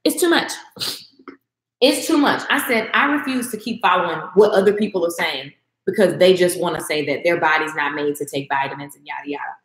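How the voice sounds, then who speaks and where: A woman's voice: sits low, quick pace, roomy sound. A woman vlogger giving a passionate, emphatic motivational talk straight to her viewers, repeating phrases for emphasis.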